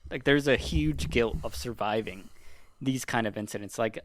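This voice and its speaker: A man talks casually as a podcast co-host, piling on fillers and curse words as he rambles through a story. His voice sits at an everyday middle pitch. The sound is close and dry, with no room around it. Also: moderate pace, no echo. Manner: rambling, profane, heavy use of "like". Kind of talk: casual chat.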